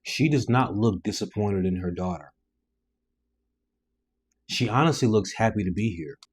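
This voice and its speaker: A man with a fairly low voice delivers blunt reaction commentary between video clips. He talks plainly and disapprovingly about what he has just watched. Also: animated, a little slow, breathy edge.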